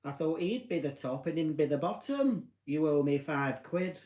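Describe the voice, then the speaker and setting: A man's voice: fairly high pitch, lively intonation, normal speed, a little mellow, reverberant, pitched above the performer's own voice, lightly acted. A man doing a gossiping caravan neighbour. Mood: gossipy.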